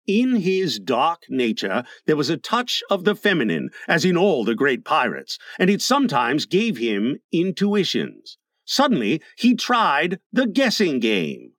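A man narrating a storybook in an expressive, dramatic reading. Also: a little high, measured pace, few pauses, no echo, studio quality. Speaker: audiobook narrator.

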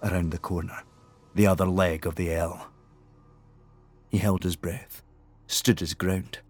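Deep husky male audiobook narrator. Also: fairly even intonation. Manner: measured, tense storytelling. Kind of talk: scripted narration.

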